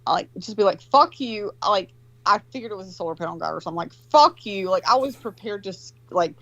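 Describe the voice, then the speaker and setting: A woman's voice: medium pitch, fast, dry recording, muffled recording. A woman in her forties telling a long, profane, rambling story in casual chat.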